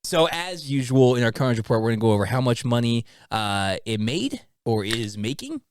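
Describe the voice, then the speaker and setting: A man hosting a casual podcast chat, talking quickly with frequent fillers and restarts. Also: medium pitch, very animated, clean tone. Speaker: podcast host.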